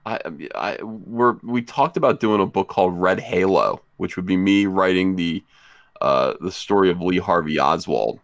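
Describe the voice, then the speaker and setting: Brief: man, low voice, dry close sound, deadpan joking livestream chat. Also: normal speed, gravelly, no room sound. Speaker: comic book creator.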